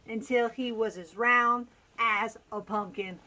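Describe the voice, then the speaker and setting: A woman's voice: on the high side, a little slow, sharp tone, rough recording. A woman hosting a casual picture-book read-aloud outdoors on a farm, laughing often and making playful asides to her animals.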